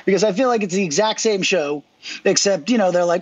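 A man's voice: high voice, a little fast, no echo. A man co-hosting a casual chat, stammering through restarts and acting out quotes, who grew up on the East Coast of the US. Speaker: podcast co-host. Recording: dull lo-fi sound.

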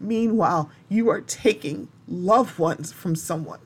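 A woman's voice: on the low side, unhurried, breathy edge. A woman hosting a solo podcast, talking in an impassioned, blunt way and not holding back on strong language. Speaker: podcast host.

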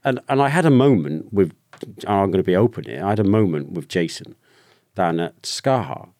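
A British man, a former soldier, telling a personal story openly in a podcast conversation, with halting restarts. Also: low-pitched, expressive, a little mellow, no echo, clean studio sound. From Britain. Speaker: guest, ex-soldier.

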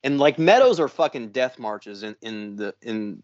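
A man's voice: medium pitch, moderate pace. Man, podcast host, swearing storyteller, muffled lo-fi audio. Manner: profane, animated storyteller. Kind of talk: casual storytelling.

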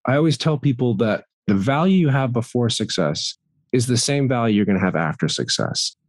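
A middle-aged man speaking candidly as a guest in a podcast conversation, animated and laughing often, acting out the voices he quotes. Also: mid-range voice, fairly quick, no echo.

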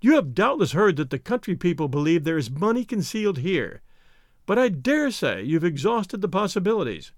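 A man's voice: sits high, big pitch swings, moderate pace, no room sound, studio quality. A man reading an audiobook, voicing a stern, pompous male executor who talks in a clipped, huffy way. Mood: cold.

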